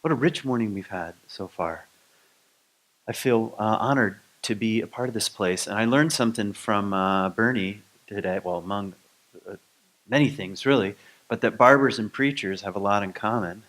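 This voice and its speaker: A man from Michigan giving a conversational sermon to his spiritual community, relaxed and rambling with many ums and restarts. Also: lowish voice, normal speed. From Grand Rapids, Michigan.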